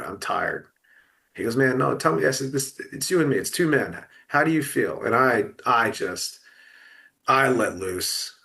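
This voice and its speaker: A man's voice: lowish voice, creaky, bright, forceful tone. A middle-aged man talking about loss in an emotional podcast conversation, full of restarts and fillers. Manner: halting, many restarts and fillers. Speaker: guest.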